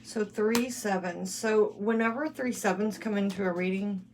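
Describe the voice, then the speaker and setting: A woman's voice: mid-range voice, moderate pace. A woman giving a casual tarot reading, musing and thinking aloud as she lays out cards. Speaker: tarot reader. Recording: loud background noise.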